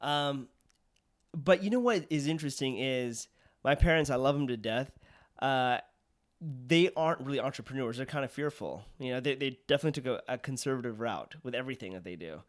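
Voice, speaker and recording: Casting: young male podcast host, mid-pitched, upbeat and easygoing, agrees a lot. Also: lively intonation, a little fast. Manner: upbeat and agreeable, lots of "yeah". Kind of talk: casual interview chat.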